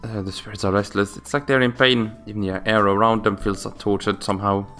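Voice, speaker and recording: A man's voice: lowish voice, steady tone, a little fast, a bit bright, faint music behind, close to an everyday voice. Man reading as a worried young summoner girl. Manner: anxious, talking to herself.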